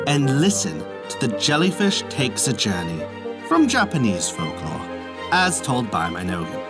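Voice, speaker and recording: A man narrating a folk tale as the storyteller and host of a podcast, in a lively, expressive way. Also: medium pitch, measured pace, over loud music.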